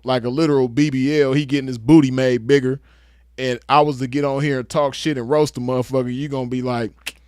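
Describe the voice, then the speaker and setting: A man's voice: medium pitch, clear, resonant tone, dry recording, studio quality. A man giving a casual commentary rant, crude, emphatic and lecturing. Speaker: online commentator.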